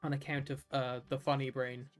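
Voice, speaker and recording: A man's voice: mid-range voice, little pitch movement, moderate pace, faint music behind. A man from Ireland streaming a game, chatting casually and rambling with lots of fillers. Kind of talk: casual gameplay commentary.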